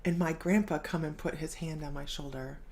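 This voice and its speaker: A woman's voice: low-pitched, steady tone, moderate pace, a little mellow, a little hiss or hum. A middle-aged woman hosting a casual live stream as a psychic medium, bubbly, laughing often and reading viewer comments aloud.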